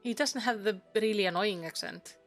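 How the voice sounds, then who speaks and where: A woman's voice: mid-range voice, moderate pace, soft background music. A woman from Iceland chatting playfully while streaming a game. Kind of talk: casual gameplay commentary.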